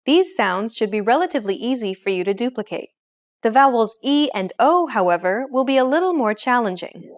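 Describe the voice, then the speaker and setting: A woman narrating a scripted pronunciation lesson as the teacher, clear and upbeat. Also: on the high side, lively intonation, a little fast.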